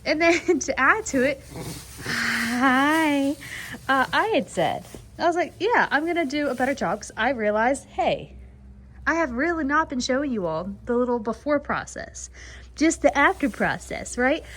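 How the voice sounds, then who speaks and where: Chatty woman with a slightly high voice. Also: animated, unhurried. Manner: chatty and rambling, laughing often, cooing softly to the mares and foals. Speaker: foaling attendant filming her barn. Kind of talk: casual vlog chat. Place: horse barn at night.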